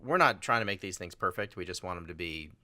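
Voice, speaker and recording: Brief: male host, bright and lively, chatty, quick to laugh, dry close recording. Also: low-pitched, no echo. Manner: laughs often, tells jokes. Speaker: podcast host. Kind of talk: casual conversation.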